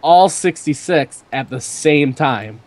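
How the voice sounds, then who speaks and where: A man's voice: a little high, animated, slow, darkish tone, slight background noise. A young man hosting a podcast, telling a rambling story in casual chat with lots of fillers. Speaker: podcast host.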